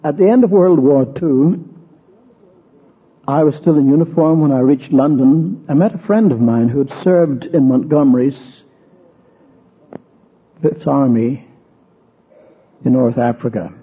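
A man's voice: mid-range voice, unhurried, long pauses. A man preaching an expository sermon, walking through verses and stressing repeated words, then telling a personal story. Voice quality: husky. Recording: tinny, narrow-band old recording.

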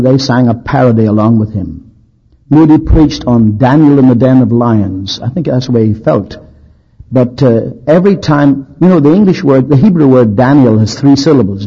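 A male preacher with a husky voice, telling a sermon's historical stories with dry humor and emphasis. The recording sounds dull and lo-fi, like an old tape. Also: medium pitch. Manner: anecdotal, dryly humorous, emphatic.

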